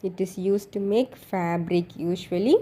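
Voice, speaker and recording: A woman's voice: on the low side, a little slow, mellow. A woman teaching young children a phonics lesson, repeating each word and asking the class simple questions. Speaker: kindergarten teacher.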